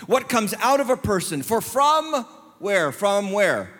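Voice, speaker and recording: A man's voice: high-pitched, very animated, measured pace, fairly bright tone. A man preaching a sermon as lead pastor, leading the congregation in call-and-response and shifting his pace for emphasis. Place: church sanctuary. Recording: long church hall reverb.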